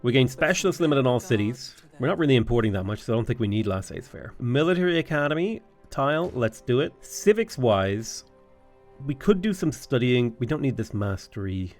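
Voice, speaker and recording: An Irish man in his twenties or thirties talks through a strategy game in a casual, excitable let's-play style. His voice sits mid-range. Faint game music hums underneath. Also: medium pitch, fairly quick. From Ireland. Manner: chatty, thinks aloud, enthusiastic. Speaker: gaming YouTuber.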